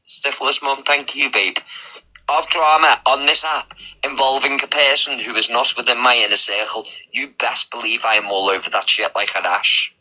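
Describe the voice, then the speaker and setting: A man chatting casually in a live room, excitable and flamboyant, gushing about his love of drama. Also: medium pitch, moderate pace, low-quality recording. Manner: excitable, flamboyant, self-proclaimed drama lover. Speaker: live audio chat participant. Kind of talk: casual chat.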